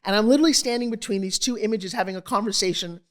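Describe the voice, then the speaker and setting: Talking at a racing pace in a mid-range voice, a middle-aged woman recounts her life as a guest in an interview. She's frank and animated, putting on voices for the people she quotes.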